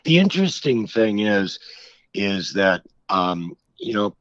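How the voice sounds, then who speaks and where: A middle-aged man speaks slowly in a low, deep voice, recounting his life frankly and reflectively, often restarting his sentences. The sound is dry and a bit dull, like lo-fi audio. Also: big pitch swings, a bit bright, no room sound. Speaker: author guest. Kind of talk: candid interview conversation.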